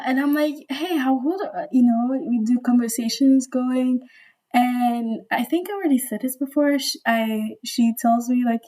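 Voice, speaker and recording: Young woman vlogger, slightly high voice, chatty storytime, gushing and rambling with lots of fillers. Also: warm tone. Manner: rambling, gushing, full of "you know" and "like". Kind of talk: casual storytime chat. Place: indoors at home by a window.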